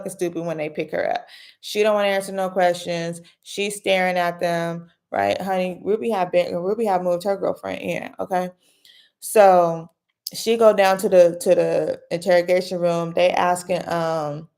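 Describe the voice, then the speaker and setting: A woman hosting a casual late-night commentary, retelling a case in a chatty, animated way with slangy asides. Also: medium pitch. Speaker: commentary host.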